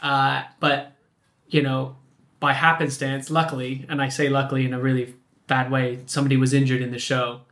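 A man's voice: medium pitch, flat delivery, normal speed, fairly bright tone. A Canadian man in his thirties, a podcast guest chatting casually and laughing often as he tells a story. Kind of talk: casual chat.

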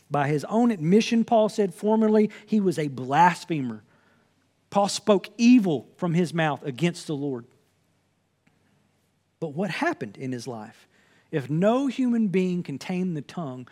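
High-voiced man preaching earnestly. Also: sing-song, unhurried, darkish tone. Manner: earnest, conversational preaching with scripture quotes. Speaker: pastor. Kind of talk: sermon.

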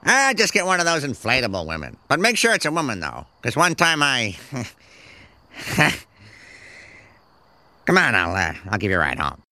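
A man's voice: medium pitch, huge pitch swings, normal speed, long pauses, bright, forceful tone, no room sound, exaggerated voice. An actor playing a bumbling, tipsy male cartoon police chief who rambles offhandedly. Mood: rambling.

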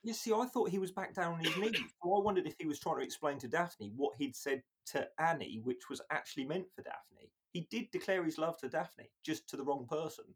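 A man's voice: fairly high pitch, fairly quick, hardly any pauses, slightly rough. A man co-hosting a podcast, chatting casually and laughing as he quotes lines. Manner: animated, laughs while acting out lines. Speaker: podcast co-host. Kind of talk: casual chat.

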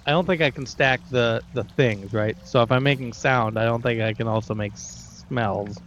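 A man playing a tabletop game, talking in a halting way with fillers. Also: mid-range voice, fairly bright tone, muffled recording, slight background noise. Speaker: player. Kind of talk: casual tabletop play.

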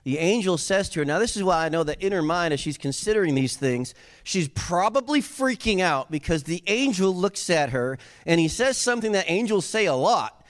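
Male pastor, casual and animated sermon delivery with slangy asides. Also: high voice, moderate pace.

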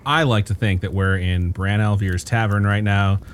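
A man's voice: lowish voice, fairly even intonation, normal speed, heavy background noise. A young adult man co-hosting a casual podcast from his home studio, irreverent and laughing often, with profane asides. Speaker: podcast co-host.

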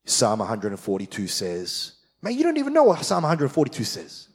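A man's voice: mid-range voice, sing-song, normal speed, pauses often, darkish tone, husky. A middle-aged man preaching a sermon as pastor, fired-up and emphatic with repeated phrases. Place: large church hall. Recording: long church hall reverb.

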